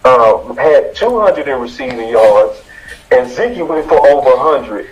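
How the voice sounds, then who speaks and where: A man co-hosting a sports talk show, laying out statistics in a measured way. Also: medium pitch, lively intonation, faint music behind. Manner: stat-heavy, measured. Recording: dull lo-fi audio.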